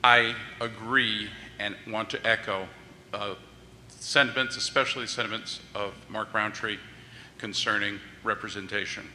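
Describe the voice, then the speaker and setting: Measured man, lowish bright voice. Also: fairly even intonation, a little hiss or hum. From Georgia, United States. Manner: measured, dry humor. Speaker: public commenter. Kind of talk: public testimony at a hearing. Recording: reverberant hearing room.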